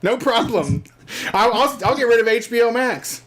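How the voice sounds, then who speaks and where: A man's voice: extremely high pitch, expressive, normal speed, a bit bright. A man co-hosting a casual comedic talk show, riffing on topics and spinning mock scenarios. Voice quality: jokey, riffs into mock scenarios. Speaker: podcast co-host.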